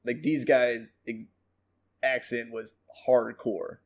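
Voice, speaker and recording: Male podcast co-host, mid-pitched, rambling and profane, animated storyteller. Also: takes it slowly. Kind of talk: casual chat.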